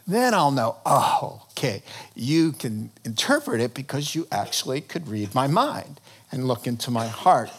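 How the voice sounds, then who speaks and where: A man's voice: mid-range voice, very animated, a little slow, breathy edge, full character voice. A man playing a mocking, menacing ancient king. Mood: demanding. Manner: mocking, demanding.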